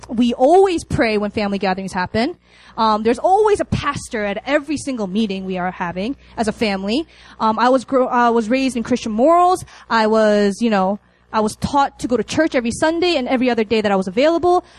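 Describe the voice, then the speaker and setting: A young woman delivers a sermon to college students in a fairly high voice. Her pitch swoops widely as she tells stories with laughter and acts out lines. Her delivery is animated and conversational. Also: brisk, dry recording, poor audio. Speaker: preacher.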